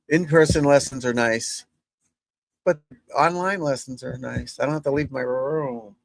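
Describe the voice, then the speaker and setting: A man's voice: medium pitch, unhurried, vocal fry. A chatty male golf instructor rambling through a casual home broadcast in an ordinary mid-range voice. He keeps talking straight to his viewers, and the sound is dry and close, with no room echo. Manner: rambling, chatty, breaks off to talk to his dog. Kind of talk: casual live chat to viewers.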